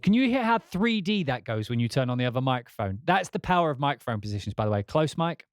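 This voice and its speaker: A man's voice: medium pitch, very animated, quick pace, no echo. Chatty man over music. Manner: chatty, rambling, laughs often. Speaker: host demoing music software. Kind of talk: casual live-stream demo. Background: music playing.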